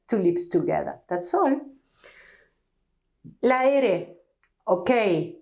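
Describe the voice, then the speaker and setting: Woman teacher, slow careful sound demos, pitch jumps all over. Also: sing-song, mellow. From Argentina. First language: Spanish. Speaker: Spanish teacher. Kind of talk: pronunciation lesson.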